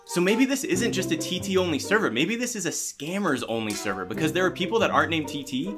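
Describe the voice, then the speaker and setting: A man giving excited, animated commentary while playing a video game, often exclaiming and reading chat aloud. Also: a little high, fast talker. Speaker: gaming YouTuber. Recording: music playing under the voice.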